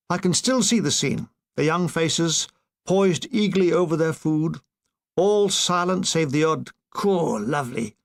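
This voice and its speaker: Man reading a wry war memoir. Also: fairly high pitch. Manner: wry, expressive storytelling. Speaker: audiobook reader.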